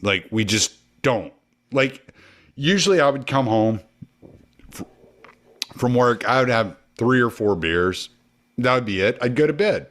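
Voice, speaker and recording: A man in a relaxed conversation who has been drinking, talking animatedly and swearing freely. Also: medium pitch, measured pace, pauses often. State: drinking during the chat. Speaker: podcast guest or host. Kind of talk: casual conversation.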